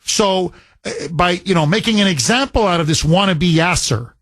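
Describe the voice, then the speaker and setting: A man's voice: high-pitched, moderate pace, a bit bright, no echo. A man hosting a talk radio show, speaking emphatically and building heat as he argues.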